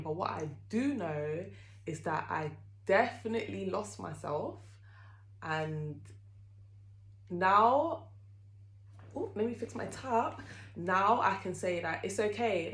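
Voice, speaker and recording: A young woman talking candidly to camera as a vlogger, chatty and open, with lots of fillers. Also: on the low side. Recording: echoey room.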